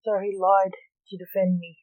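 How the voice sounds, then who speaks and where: A woman's voice: mid-range voice, level tone, moderate pace, a little mellow, no room sound, natural voice, poor audio. A woman voicing a sarcastic young male superhero in a read-aloud story. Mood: stern.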